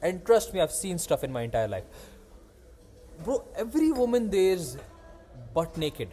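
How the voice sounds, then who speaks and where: Soft music plays under this young podcast host as he tells a story in a relaxed, chatty way. He's animated, performing the voices of the people he quotes, and his high-sitting voice stays unhurried.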